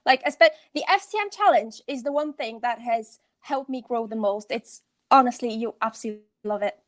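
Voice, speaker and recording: A woman's voice: fairly high pitch, moderate pace. A woman guest on a video call, speaking earnestly and gratefully about a course, with many fillers. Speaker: student guest. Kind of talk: casual video-call chat.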